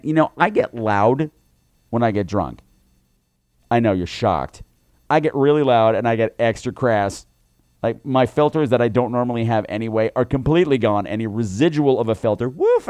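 Animated campy man telling stories. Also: medium pitch, no room sound. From New York. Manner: animated, campy storytelling with mock shrieks. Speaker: podcast co-host. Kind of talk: casual chat.

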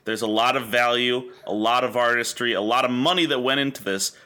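A man's voice: medium pitch, a little fast, sharp tone. A man co-hosting a podcast, joking and swearing through playful hot takes in casual chat. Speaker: podcast co-host.

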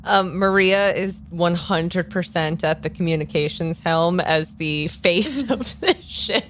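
A woman's voice: on the low side, a little slow, slight background noise. A woman playing a tabletop game who speaks politely and cheerfully, both in and out of character. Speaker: player. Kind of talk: tabletop role-play.

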